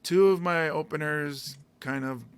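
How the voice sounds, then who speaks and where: A man's voice: on the high side, unhurried, clear, resonant tone. A man hosting a casual talk, telling long rambling stories with lots of fillers and restarts. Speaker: podcast host and stand-up comedian. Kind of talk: casual storytelling chat.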